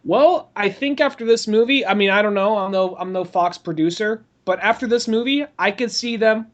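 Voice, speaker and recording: A man's voice: sits high, normal speed, few pauses. A man co-hosting a podcast in casual chat, easygoing and often hedging his claims. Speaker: podcast co-host.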